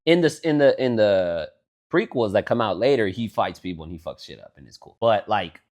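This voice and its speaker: Animated, profane male podcast co-host. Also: a little fast. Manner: animated, profane storytelling, swings between loud and low. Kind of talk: casual chat.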